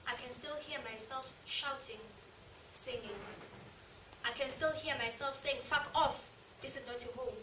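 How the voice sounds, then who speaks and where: A drama student performing a stage monologue as a remorseful woman haunted by a mob killing, anguished and confessional, swinging from hushed to loud. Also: high-pitched, steady tone, normal speed, lightly acted. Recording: echoey room, from far off, noisy.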